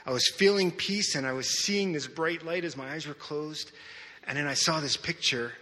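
Preacher guy telling his story, bright forceful voice, big echoey church sound. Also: mid-range voice. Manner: storytelling, animated, acts out his own reactions. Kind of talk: sermon testimony. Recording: long hall reverb.

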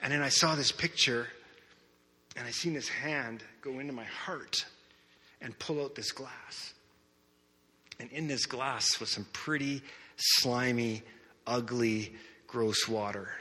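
A man preaching a sermon, telling a personal testimony with lively storytelling that swings between loud outbursts and hushed moments. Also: medium pitch. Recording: reverberant hall.

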